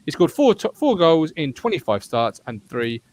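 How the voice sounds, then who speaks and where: A man hosting a casual fan podcast, animated and teasing his co-hosts as he leads the chat. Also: a little high, normal speed. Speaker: podcast host.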